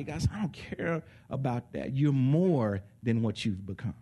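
A man preaching a sermon in an animated way, acting out little voices and laughing along with his listeners. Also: medium pitch, unhurried, breathy edge. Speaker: pastor.

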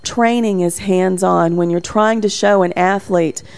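A woman's voice: fairly low pitch, fairly even intonation, measured pace, vocal fry, a little mellow. Middle-aged woman giving a parenting talk. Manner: anecdotal, acts out quotes with livelier voice. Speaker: parenting speaker.

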